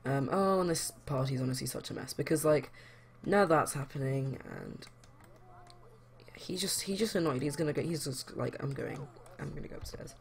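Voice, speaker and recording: A woman's voice: low-pitched, lively intonation, normal speed, gravelly, darkish tone. A young woman chatting casually as a let's play host, rambling with lots of fillers. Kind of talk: casual game commentary.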